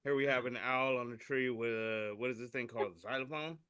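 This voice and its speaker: A man co-hosting a casual podcast, describing meme pictures and reading their captions with animated delivery. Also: medium pitch, brisk, a crowd in the background. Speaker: podcast co-host reading memes. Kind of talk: casual chat, describing memes aloud.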